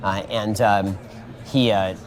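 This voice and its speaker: A man in a stage discussion who quickly cites books and theories. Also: on the low side, fairly even intonation, crowd noise. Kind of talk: rapid intellectual debate.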